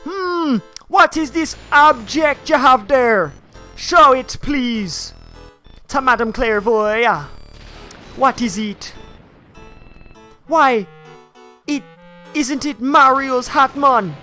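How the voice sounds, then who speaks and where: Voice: high-pitched, bright, forceful tone, soft background music, pitched above the performer's own voice, heavily acted. Streamer voicing Madame Clairvoyant, mock-Jamaican fortune teller. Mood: grand. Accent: put-on Jamaican. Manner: slow, grand, mystical pronouncements. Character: theatrical fortune-teller spirit woman.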